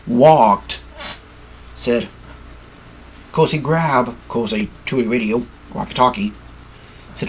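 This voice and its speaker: A man's voice: medium pitch, takes it slowly, long pauses, slight background noise. A man improvising a fan-fiction story, rambling, correcting himself and apologizing as he goes, sleepy and yawning.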